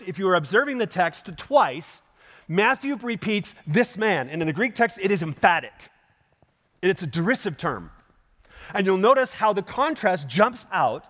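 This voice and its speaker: Animated preacher with a high voice. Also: male voice. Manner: emphatic preaching with rhetorical questions. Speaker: pastor. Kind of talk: sermon. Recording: long hall reverb.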